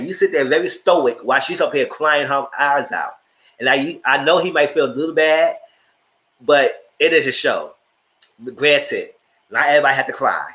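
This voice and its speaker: A man hosting a live show, giving animated, opinionated commentary on reality TV and talking straight to his viewers. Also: medium pitch, moderate pace. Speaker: host reviewing reality TV.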